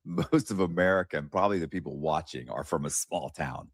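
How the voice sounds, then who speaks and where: A man's voice: extremely low pitch, fairly quick, no echo, studio quality. A man co-hosting a podcast, speaking casually and hesitantly with many fillers. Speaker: podcast co-host.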